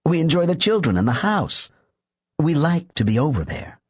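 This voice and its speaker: A man reading the part of a polite, deliberate man trying to calm a hospital patient. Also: a little high, breathy edge, voice pushed up. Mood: placating. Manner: deliberate and placating.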